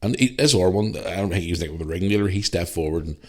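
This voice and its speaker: A man's voice: low-pitched, animated, fast. A man from Northern Ireland with a Northern Irish accent, hosting a podcast and telling a story in a blunt, heavily swearing way. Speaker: podcast host. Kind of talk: casual storytelling.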